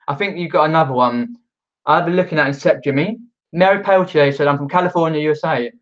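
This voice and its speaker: On a lo-fi live stream, a man from the outskirts of London chats casually in a Mockney accent, his voice slightly high. He reads out viewer comments and rambles, packing in plenty of fillers.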